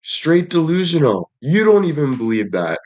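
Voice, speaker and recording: A man's voice: a little high, big pitch swings, normal speed, a little mellow. A man livestreaming and addressing his chat in a heated rant, frustrated, swearing often and repeating himself.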